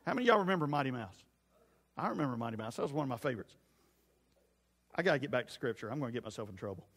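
A man's voice: sits high, lively intonation, brisk, a bit bright. A man preaching a casual sermon, rambling into jokey asides and talking straight to the congregation. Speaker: youth pastor. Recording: long reverb in a hall.

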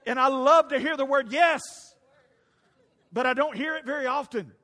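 A man's voice: very high voice, moderate pace, sharp tone. A man preaching a sermon, telling folksy family stories with stumbling restarts. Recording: long reverb of a large hall.

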